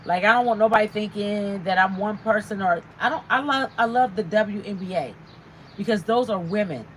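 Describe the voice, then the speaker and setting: A woman's voice: mid-range voice, moderate pace, a little hiss or hum, poor audio. A woman hosting a casual livestream, chatting and reading out viewer comments. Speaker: livestream host.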